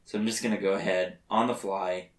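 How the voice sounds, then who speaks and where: A man's voice: steady tone, brisk. Laughing man hosting a podcast, roomy bedroom sound. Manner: joking, laughs often, restarts lines. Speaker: podcast host. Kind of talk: casual chat. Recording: roomy, distant low-quality recording.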